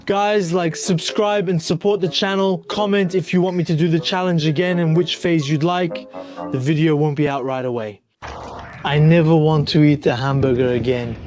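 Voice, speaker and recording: A young man narrates his food challenge vlog, tired and stuffed, making fun of himself with dramatic complaints. His voice sits a little high for a man. Clear music runs behind him the whole time. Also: steady tone, moderate pace. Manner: joking, self-mocking, dramatic complaints. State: tired, overfull. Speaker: vlogger.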